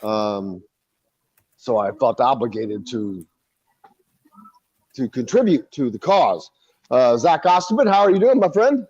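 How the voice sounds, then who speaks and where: A man's voice: medium pitch, animated, a little slow, long pauses, darkish tone, husky, no echo, highs cut off. A man hosting a sports radio show, talking loosely with many filler sounds. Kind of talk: casual sports radio chat.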